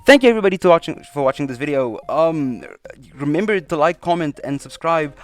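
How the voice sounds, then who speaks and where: A hoarse young man presenting a YouTube video essay, animated and apologetic, stumbling over hard names. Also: on the high side, a little fast. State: hoarse, voice strained from yelling. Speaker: YouTube creator. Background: faint chiptune music.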